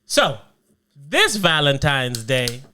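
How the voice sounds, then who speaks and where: A man's voice: mid-range voice, takes it slowly. A man co-hosting a casual podcast chat, telling profane stories with lots of acted-out voices. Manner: animated storyteller acting out voices, profane. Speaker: podcast co-host.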